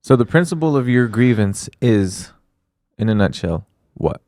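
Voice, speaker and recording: A man's voice: fairly low pitch, very animated, unhurried, darkish tone, no room sound, clean studio sound. A man co-hosting a podcast, talking in an earnest, rambling way, with small jokes. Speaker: podcast co-host. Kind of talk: casual chat.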